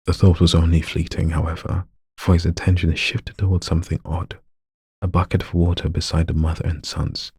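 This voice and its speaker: A man's voice: low voice, completely flat delivery, fairly quick, a little mellow, husky, dry recording, clean studio sound. A man reading a story aloud, stumbling over lines, retaking them and joking with himself. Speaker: story narrator.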